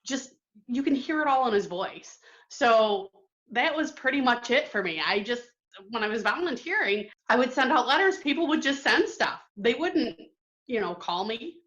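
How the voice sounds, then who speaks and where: A woman from Michigan, calling in to a podcast and telling a story in a casual, excited way, with halting restarts. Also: fairly high pitch, muffled recording. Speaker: caller sharing a memory.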